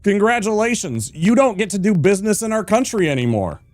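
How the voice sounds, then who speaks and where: A man's voice: high-pitched, sing-song, a little fast, a little mellow, no room sound. A male streamer ranting hard with heavy swearing while he plays a game. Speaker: gaming streamer.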